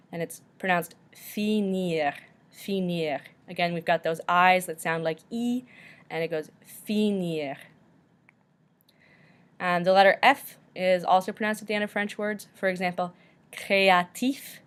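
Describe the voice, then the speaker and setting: A woman, recorded as a teacher giving a French lesson, speaking slowly and carefully and repeating each word. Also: on the low side.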